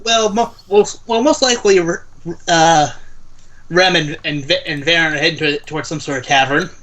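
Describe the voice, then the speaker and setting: Young guy at a tabletop game, high bright voice, trips over his words a lot. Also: normal speed. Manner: rambling, repeats words, slips into his character's voice. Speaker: player. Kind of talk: tabletop role-play chat.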